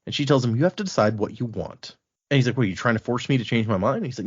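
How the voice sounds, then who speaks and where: Animated man recapping a book, lo-fi. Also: medium pitch, fast, breathy edge. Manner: animated retelling, quotes characters in a loose conversational voice. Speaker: podcast host recapping a book. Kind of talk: casual chat. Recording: dull lo-fi podcast audio.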